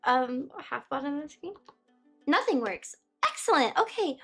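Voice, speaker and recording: A woman with a high voice chats casually with her viewers, reading their messages aloud and often losing her train of thought. Soft music plays faintly behind her in a warm indoor room. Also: very animated, moderate pace. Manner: chatty, reads chat aloud, easily distracted. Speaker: livestreamer.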